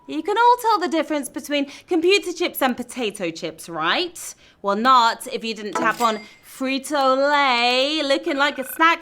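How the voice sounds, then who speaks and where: Bright, high-voiced woman quiz host. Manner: playful, quippy, teasing asides. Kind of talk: live trivia game hosting.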